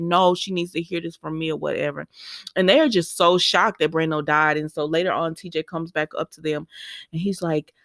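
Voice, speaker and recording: A woman's voice: on the low side, a bit bright, no echo. Woman, casual and emotional recap host, close and dry recording. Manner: chatty and emotional, talks to viewers as "y'all". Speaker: soap opera recap host.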